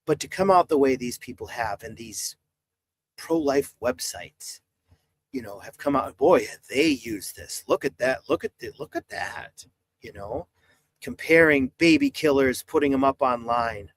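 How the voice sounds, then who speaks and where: A man's voice: mid-range voice, lively intonation, unhurried, dry recording. A man in his forties, a priest talking on a live stream, exasperated and preachy as he urges his viewers. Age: 40s. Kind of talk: impassioned live-stream talk.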